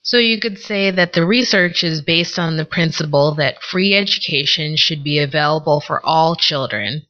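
A woman co-hosting a podcast, teaching vocabulary in a scripted lesson and explaining words with example sentences in a measured way. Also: deep voice. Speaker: podcast co-host. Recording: dull lo-fi recording.

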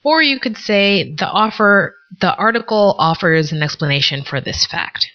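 A woman co-hosting a podcast, teaching vocabulary in a scripted lesson and explaining words with example sentences in a measured way. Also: mid-range voice, big pitch swings. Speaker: podcast co-host. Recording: dull lo-fi recording.

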